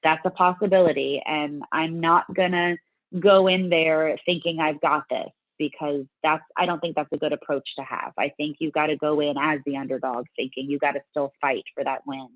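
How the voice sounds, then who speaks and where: A woman guest telling her story in a casual interview, animated and full of restarts. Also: low voice, normal speed, no room sound, narrow, tinny audio. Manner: animated, many restarts and fillers. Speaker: guest, bodybuilding competitor.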